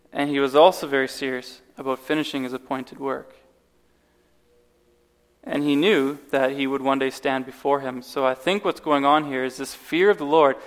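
A man preaching a sermon, telling a personal story earnestly and often restarting his words. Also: a little high. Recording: long reverb of a large hall.

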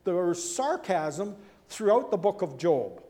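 A man preaching a sermon in a chatty, animated way, acting out the people he quotes and tossing in asides and rhetorical questions. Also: slow pace. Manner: animated, acts out quoted speakers with big swings in pitch and loudness. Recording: long hall reverb.

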